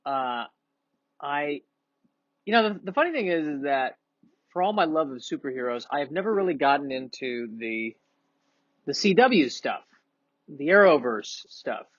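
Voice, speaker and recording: A man's voice: on the high side, very animated, normal speed, long pauses, no room sound, dull audio. A man doing a casual, rambling, self-deprecating monologue, with sniffles and frequent restarts. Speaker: comedian vlogger.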